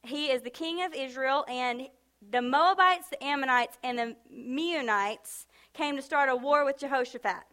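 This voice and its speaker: A woman delivers a sermon in a high voice. Her tone is bright and ringing. She builds fervor through repeated phrases, then slips into casual, chatty asides. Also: moderate pace, clear, resonant tone. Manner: impassioned, emphatic repetition, casual asides. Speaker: preacher.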